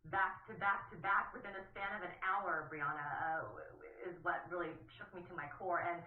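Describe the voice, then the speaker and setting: A woman news correspondent recounting events in a shaken, halting voice full of restarts. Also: on the low side, fairly even intonation. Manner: emotional, halting, with many restarts. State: shaken, voice trembling. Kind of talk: broadcast news interview. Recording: distant echoey phone-like rebroadcast.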